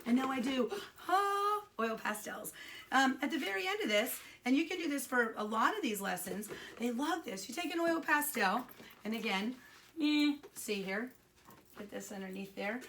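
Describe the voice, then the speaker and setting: Older female art teacher, crisp bright voice, pitched a bit high, casual and encouraging. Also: animated, normal speed, a little hiss or hum. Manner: chatty, enthusiastic, encouraging. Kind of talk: casual home video lesson. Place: room at home, alone.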